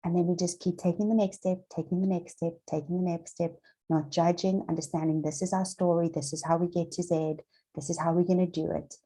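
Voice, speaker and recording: A woman's voice: on the low side, level tone, a little fast, dark tone, husky, rough recording. An Australian woman coaching viewers on manifesting in a chatty, encouraging motivational talk to camera, repeating her points and using plenty of fillers.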